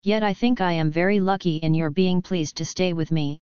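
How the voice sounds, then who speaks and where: A gruff, gentle beast in a storybook, sorrowful and awkwardly polite, as a woman reader puts him on. The voice sits low and clear against a dull, lo-fi recording. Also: moderate pace, no room sound, close to an everyday voice.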